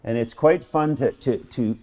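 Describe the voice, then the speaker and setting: During a painting demonstration in his art studio, a middle-aged instructor talks a little slowly in a dark, mid-range voice, with a bit of hiss or hum on the recording. He's chatty and keen, often restarting and repeating words mid-task.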